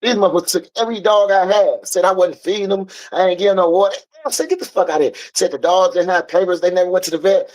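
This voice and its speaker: A man from the United States in casual street talk, blunt and profane, telling animated stories. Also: high-pitched, quick pace, few pauses.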